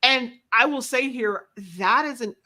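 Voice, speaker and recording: A woman's voice: a little high, measured pace, bright, forceful tone. A woman guest talking casually in an interview, rambling and self-deprecating, often restarting her sentences. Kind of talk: casual conversation.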